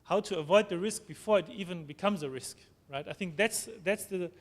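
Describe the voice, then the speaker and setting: Guy giving a conference talk, a bit high voice, lots of restarts and "right?", hall echo. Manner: halting, many restarts and fillers, tag questions. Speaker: conference speaker. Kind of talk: conference presentation. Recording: long hall reverb, faint noise.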